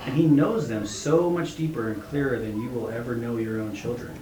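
A man voicing a calm, wise woman who speaks softly and insistently. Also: medium pitch, a little fast, close to an everyday voice. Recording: roomy echo, faint hum.

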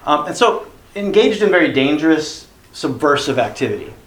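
A man's voice: fairly high pitch, lively intonation, moderate pace. A man leading a church small group in a casual teaching discussion, rambling with many fillers and self-corrections. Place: basement meeting room. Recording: roomy echo, faint background noise.

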